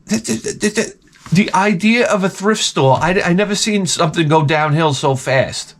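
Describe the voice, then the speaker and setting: At home, a middle-aged vlogger rants casually to the camera, telling animated stories packed with swearing and sarcasm. His voice sits high and his pace is moderate.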